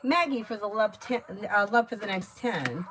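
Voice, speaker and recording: A tarot reader with a mid-range voice does live readings in a chatty, easygoing manner, laughing often. She rattles off card meanings in quick bursts over steady background noise.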